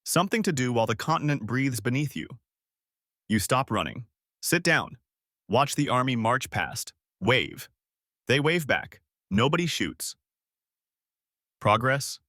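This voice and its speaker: A man giving deadpan scripted narration in short, clipped sentences. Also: mid-range voice, a little slow, long pauses, no room sound, studio quality.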